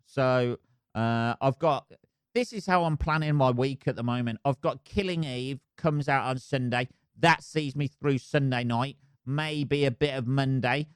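English guy ranting on his podcast, swears a lot, goes off on tangents, smooth clear voice. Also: mid-range voice, unhurried, dry recording, clean studio sound. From England. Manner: rambling, sweary, self-mocking. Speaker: podcast host. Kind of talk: casual solo monologue.

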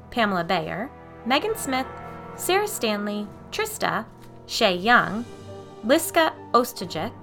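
This woman hosts a podcast and tells a story in the first person. She reads expressively, her voice dropping low and quiet during the tense moments.

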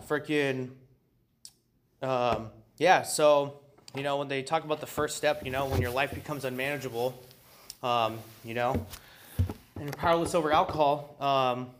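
A man with a medium-pitched, slightly bright voice shares his story at a recovery meeting. His talk is casual, loose, and profane, packed with ums and you-knows.

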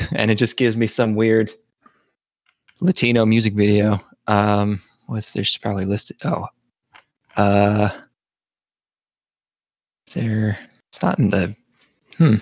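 A man's voice: on the low side, no room sound, studio quality. A man co-hosting a podcast in casual chat, loose and rambling, laughing often. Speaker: podcast co-host.

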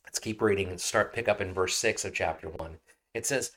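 Lower-voiced man preaching a sermon. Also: fairly quick, fairly bright tone. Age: adult, married. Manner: conversational, often asks "right?". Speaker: pastor.

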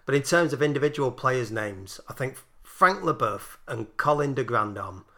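Lancashire male co-host, very bright sharp tone, chatty and sweary. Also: medium pitch, lively intonation, moderate pace. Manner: chatty, swears, riffs on funny names. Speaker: podcast co-host. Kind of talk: casual chat.

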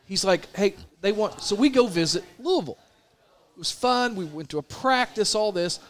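Animated high-voiced man telling a story. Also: normal speed. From Indiana. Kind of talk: casual storytelling chat.

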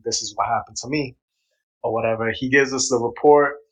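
A man's voice: mid-range voice, brisk, poor audio. Man telling a story with a bit of grit. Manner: animated, swears freely, acts out quotes. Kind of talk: casual chat, storytelling.

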